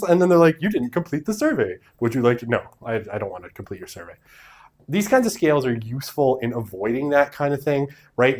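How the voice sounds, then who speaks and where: A man in his thirties giving a casual university sociology lecture to a classroom, chatty and self-deprecating, with joking asides. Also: mid-range voice.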